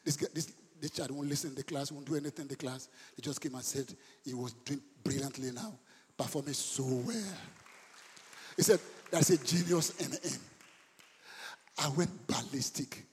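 Male pastor, passionate sermon, raised voice, husky, live in an echoey church hall. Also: medium pitch, normal speed. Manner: impassioned preaching, rising to shouts.

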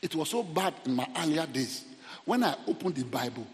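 Middle-aged Nigerian male pastor, lively humorous sermon, slightly high voice, reverberant church hall. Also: brisk. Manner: humorous, animated, repeats words.

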